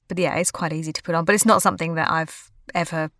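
A young woman who grew up in Australia, her accent softened by years in England, chatting in an interview and often correcting herself. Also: low-pitched, steady tone, fast talker, no room sound, studio quality. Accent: Australian vowels, softened by years in England. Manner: chatty, self-correcting, laughs easily. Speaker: guest. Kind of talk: casual interview chat.

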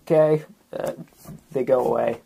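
A woman's voice: extremely low pitch, steady tone, a little slow, vocal fry, mellow, a little hiss or hum. A young woman playing a tabletop role-play game, narrating her character with a playful, goofy manner. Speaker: player.

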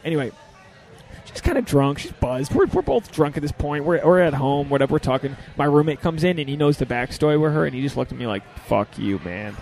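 Animated, profane young man telling stories. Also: on the high side, quick pace, creaky, a little hiss or hum. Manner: animated, profane, acts out quotes. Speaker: podcast host and stand-up comedian. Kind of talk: casual storytelling chat.

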